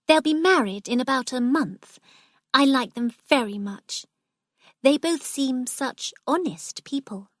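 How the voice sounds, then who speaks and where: A woman doing a breathless dreamy girl, high eager voice, very slow reading, dry close sound. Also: expressive, dry recording. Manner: eager, girlish, higher voice. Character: excited young woman, dreamy and frank.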